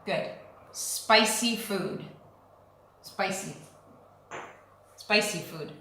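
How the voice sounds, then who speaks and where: A woman teaching English at a very slow, deliberate pace, patiently drilling short phrases for learners to repeat. Her voice sits at an ordinary pitch, and the recording has a heavy, boomy room echo. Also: vocal fry, bright, forceful tone, a little hiss or hum. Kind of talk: slow, clear language lesson. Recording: very echoey room.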